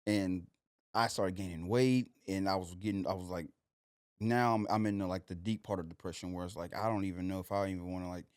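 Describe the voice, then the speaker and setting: A man's voice: low-pitched, fairly even intonation, a little fast, no room sound, clean studio sound. A young man, a podcast guest telling his story loosely, with lots of "like" and "you know". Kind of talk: casual storytelling.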